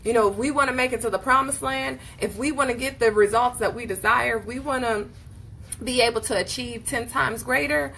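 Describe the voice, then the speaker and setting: A woman hosting a casual motivational book discussion, speaking in an emphatic, animated, preacherly way. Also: fairly high pitch, fairly quick, vocal fry, slight background noise. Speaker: host leading a book discussion.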